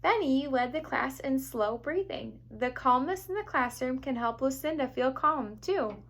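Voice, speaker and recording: A teacher reading a picture book aloud to young children, gentle and expressive. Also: female voice, high-pitched, measured pace. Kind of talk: storybook read-aloud for children.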